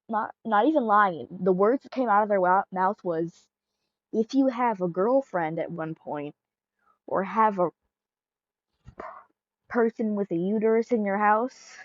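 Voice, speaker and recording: A woman's voice: mid-range voice, slow, long pauses, dry recording, highs cut off. A woman voicing an awkward, sweet puppet boyfriend who stammers and talks earnestly in a fan audio role-play.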